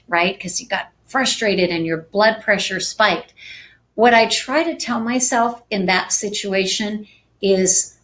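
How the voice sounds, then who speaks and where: A woman's voice: mid-range voice, a bit bright. A woman teaching real estate agents in a conversational live-stream talk, often checking in with "right?". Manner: conversational, frequent tag questions.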